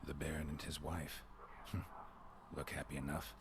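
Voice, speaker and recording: An actor playing a gruff, terse male monster hunter in a video game, muttering clipped observations to himself in a deep gravelly murmur. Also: flat delivery, moderate pace. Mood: musing. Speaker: game character. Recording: game audio with background noise.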